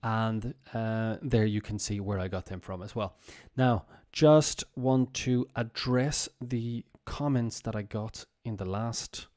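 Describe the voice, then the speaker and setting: Hosting a casual English lesson on a livestream, a man patiently repeats words and phrases for learners, loose and chatty with lots of fillers. His voice is lowish and darkish in tone. He takes it slowly, with hardly any pauses.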